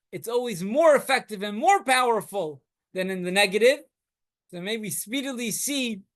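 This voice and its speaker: Lively rabbi teaching a Torah class. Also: male voice, sits high. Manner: animated storytelling, talks with students. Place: classroom with students present.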